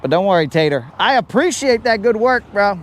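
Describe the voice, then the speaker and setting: His high voice swings in pitch and moves briskly as he fishes live on a riprap shoreline near a road, with background noise behind him. He rambles, jokes, and talks to his chat like bros.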